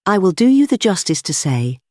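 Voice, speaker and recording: A man reading an audiobook, voicing a huge, genial but commanding male anarchist chief who talks briskly with grand amusement. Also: medium pitch, darkish tone, dry recording, clean studio sound, natural voice. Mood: breezy.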